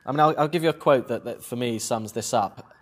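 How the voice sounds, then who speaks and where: A man's voice: mid-range voice, a little fast. Man giving a chatty lecture. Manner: chatty, quizzes the audience with questions. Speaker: film professor giving a lecture. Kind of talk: conversational public lecture.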